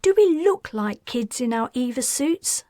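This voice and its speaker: A woman voicing an eager thirteen-year-old girl in an audiobook, chiming in with bright, insistent lines. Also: sits high, lively intonation, unhurried, dry recording, studio quality, voice pushed up. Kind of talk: audiobook character voice.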